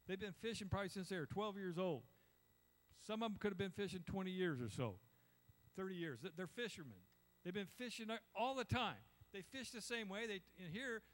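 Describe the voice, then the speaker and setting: A man's voice: high voice, a bit bright. An older man preaching a conversational sermon, acting out little voices and asking the congregation "amen?". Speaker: pastor.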